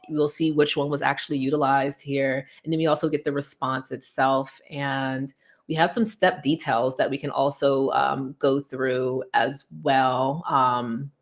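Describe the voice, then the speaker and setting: Low-voiced young woman demoing software. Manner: chatty, many "um" and "like" fillers. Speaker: guest presenter demoing software. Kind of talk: casual tech demo chat.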